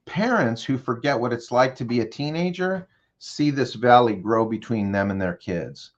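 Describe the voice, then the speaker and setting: With the high end of the audio cut off, a man of medium pitch speaks expressively at normal speed. The guest consultant in this interview guides the host through a hypothetical scenario in story form, pausing to ask direct questions.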